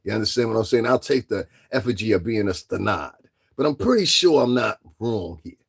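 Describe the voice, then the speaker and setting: Man, commentary vlogger, gravelly, husky, mid pitch, animated, rhetorical questions. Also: brisk. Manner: addresses listeners directly. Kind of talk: casual commentary monologue.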